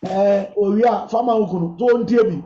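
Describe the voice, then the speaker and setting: A man's voice: high-pitched, fast, warm tone, a little hiss or hum. A man, a bishop giving emphatic, preacherly counsel on marriage questions to a congregation. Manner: emphatic, preacherly, switches freely between languages. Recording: echoey, dull lo-fi sound.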